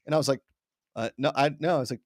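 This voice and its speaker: A man's voice: medium pitch, quick pace, no echo, studio quality. A man in his thirties co-hosting a casual sports chat, rambling through stories in a chatty way. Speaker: co-host.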